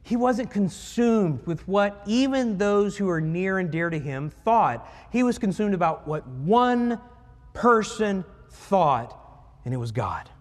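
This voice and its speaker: Animated preacher in a reverberant hall. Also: male voice, high-pitched, slow pace. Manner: animated preaching, acts out voices in dialogue. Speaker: pastor. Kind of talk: sermon.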